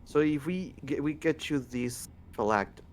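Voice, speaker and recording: A man's voice: fairly high pitch, normal speed, a little mellow. A man in casual, questioning chat while playing a tabletop game. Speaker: player.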